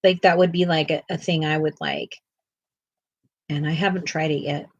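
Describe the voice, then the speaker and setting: Husky chatty woman, low voice. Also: steady tone, moderate pace, no room sound, muffled recording. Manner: chatty, self-deprecating, laughs often; cooing baby talk to a pet. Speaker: co-host of an art livestream. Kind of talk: casual livestream chat.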